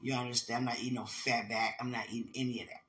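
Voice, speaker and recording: A man in ministry telling rambling personal stories in a casual, animated way. He laughs often and keeps asking "you understand?". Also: medium pitch, quick pace.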